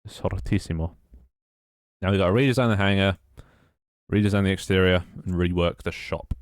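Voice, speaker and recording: A young man with a British accent talks loosely and wryly as he works through tasks on his game. His voice sits low, and the sound is dry and close, with no room echo. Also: fairly even intonation, moderate pace, long pauses. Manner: rambling, wry, self-mocking. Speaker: game developer streamer. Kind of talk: casual live-stream chat while working.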